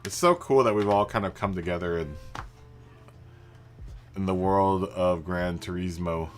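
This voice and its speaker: A man's voice: low voice, measured pace, soft background music. A man hosting a racing game live stream, chatting casually with viewers, greeting them by name and laughing often. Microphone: studio microphone through a mixer.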